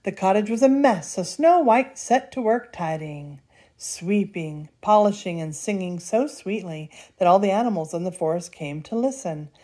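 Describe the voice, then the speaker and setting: An older woman reads a children's story aloud in a lively, expressive way. Her pitch sits in an ordinary middle range, and she paces the story with playful pauses. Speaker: storybook reader.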